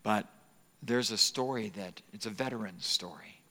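A man preaching a sermon as pastor, telling a story slowly and earnestly, dropping to soft whispers on repeated phrases. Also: on the low side, long reverb tail. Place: church sanctuary.

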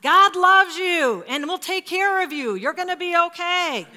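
Woman playing a relaxed father, gentle and reassuring, bright tone. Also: very high voice, unhurried, pitched above the performer's own voice, full character voice. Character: calm father in an easy chair, reassuring. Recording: reverberant church hall.

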